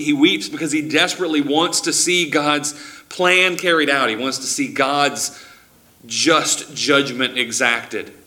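Guy giving a sermon, bright forward voice, chatty teaching style, trips over his words and restarts a lot. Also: mid-range voice. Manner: conversational teaching with frequent restarts and acted-out quotes. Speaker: preacher.

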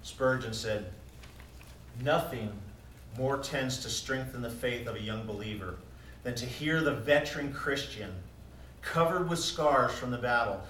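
A man preaching a sermon as pastor, moving between quiet musing and loud, emphatic declarations. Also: medium pitch, measured pace, slight background noise. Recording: echoey room heard from a distance.

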